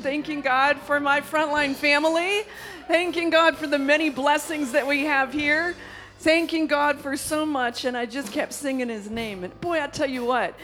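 High-voiced woman preaching, slow and exuberant. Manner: exuberant, laughing, shouting praise between calm stories. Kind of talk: charismatic sermon.

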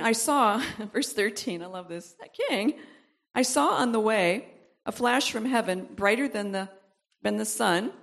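High-voiced woman preaching a sermon. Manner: exhorting, rising to emphatic repeated commands; reads verses aloud, breaks off with asides and laughs. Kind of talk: sermon reading and expounding scripture.

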